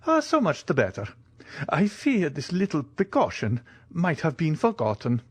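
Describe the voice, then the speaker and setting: A timid, eager old Italian ex-major, as an audiobook narrator puts him on, his voice pitched high and quavering, leaping up and down. The storybook reading is dry and close. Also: wildly swooping pitch, normal speed, slightly rough, no room sound, full character voice.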